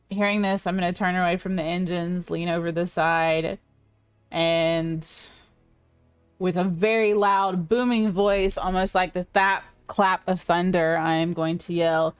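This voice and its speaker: A woman's voice: lowish voice, steady tone, measured pace, clean tone, no echo, faint music behind. A woman playing a tabletop game, plainly stating her character's actions. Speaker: player. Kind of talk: casual tabletop play.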